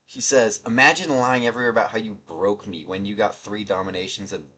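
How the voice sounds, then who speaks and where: A man's voice: on the low side, brisk, a bit bright, husky. A young man doing casual, sarcastic gaming commentary, reading out chat messages in a rambling, mocking way. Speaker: gaming video creator.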